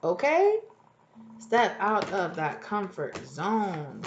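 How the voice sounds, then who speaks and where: A woman's voice: medium pitch, slow pace, dull audio, noisy background. Chatty woman reading tarot, swearing freely. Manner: chatty, animated, swears freely, laughs at herself. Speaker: tarot reader. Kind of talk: casual collective tarot reading.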